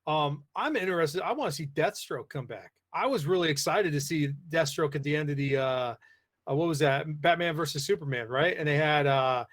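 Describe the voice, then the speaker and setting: A man's voice: on the high side, moderate pace, fairly bright tone. A man hosting a casual live podcast, rambling with lots of fillers as he reads the chat aloud. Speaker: podcast host.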